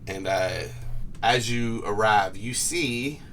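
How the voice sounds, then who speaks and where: A man narrating a tabletop game as game master, relaxed and hesitant, recorded on a distant mic with faint noise. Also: fairly low pitch, slow. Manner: laid-back, hesitant narration with fillers.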